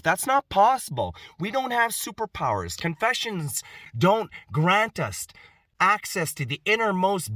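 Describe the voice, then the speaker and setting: A man's voice: sits high, very animated, measured pace, a bit bright, no room sound, clean studio sound. A middle-aged man delivering an emphatic personal monologue to camera, piling up rhetorical questions and repeating himself for effect. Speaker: vlogger.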